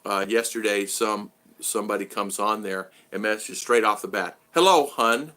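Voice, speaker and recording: Middle-aged American man, bright rambling livestream host, talks in loops. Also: on the low side, level tone, normal speed. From United States. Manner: rambling, repeats himself. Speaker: vlogger. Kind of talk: casual livestream chat.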